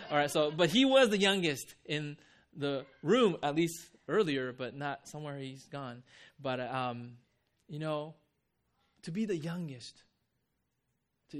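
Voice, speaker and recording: A man preaching a conversational sermon as pastor. He tells stories with energy and drops to a soft, quiet voice for reflective points. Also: on the high side. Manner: conversational, animated when telling stories.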